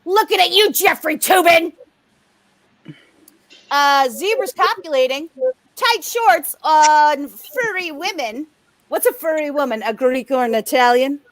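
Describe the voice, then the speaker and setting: A woman hosting a live comedy game show over a video call, riffing fast and swearing freely. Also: sits high, fairly bright tone, dry recording.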